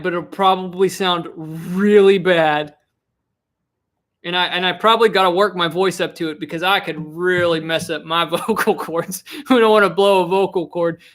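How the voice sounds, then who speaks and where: A man's voice: sits high, fairly bright tone. A young man chatting casually on a live stream, rambling and restarting his sentences, with frequent laughs. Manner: rambling, self-interrupting, giggly.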